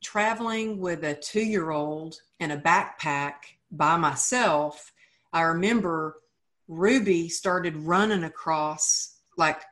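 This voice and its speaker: A woman's voice: low-pitched, slow pace. A woman from Texas in her thirties, a guest telling her story earnestly in an interview and acting out the dialogue. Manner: earnest, animated retelling of dialogue. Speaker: guest, author.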